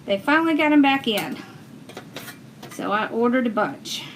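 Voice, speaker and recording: A woman's voice: fairly high pitch, animated, normal speed, noisy background. A woman, chatting casually as she teaches wreath making on a livestream, working and reading viewers' comments aloud as she goes. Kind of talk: casual livestream craft tutorial.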